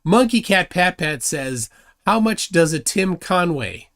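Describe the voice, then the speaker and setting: Guy on a livestream dunking on someone, mocking tone, pitch all over the place. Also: animated, measured pace, fairly bright tone. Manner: mocking, combative, reads chat aloud. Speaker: livestream host. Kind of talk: live debate commentary.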